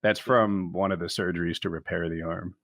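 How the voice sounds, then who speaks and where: A man co-hosting a podcast, telling stories in a calm, detailed way during casual chat. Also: sits low, fairly quick, no room sound, clean studio sound. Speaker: podcast co-host.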